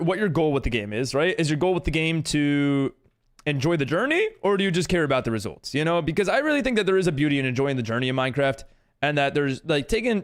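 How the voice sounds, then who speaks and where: A man chatting with his live-stream viewers while gaming, rambling with many fillers and restarts and greeting viewers upbeat. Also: fairly high pitch. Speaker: livestreamer and server host.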